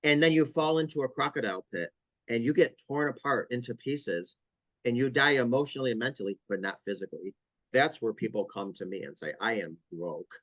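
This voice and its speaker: Man, counselor guest, earnest storyteller, dry close sound, mid pitch. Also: lively intonation, fairly quick, a bit bright, no echo, poor audio. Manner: earnest, vivid storytelling with repeated emphasis. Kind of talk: interview podcast conversation.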